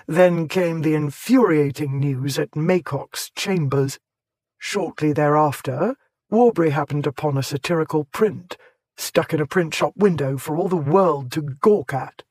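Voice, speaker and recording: A man's voice: on the high side, a little mellow, no room sound. Dry-voiced male audiobook narrator. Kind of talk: scripted narration.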